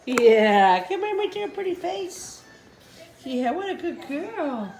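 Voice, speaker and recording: In a reverberant space at home with her dogs, a breeder records her puppies, laughing often and cooing to them in baby talk as she casually narrates. Her high-pitched, slightly mellow voice moves slowly with big swings in pitch.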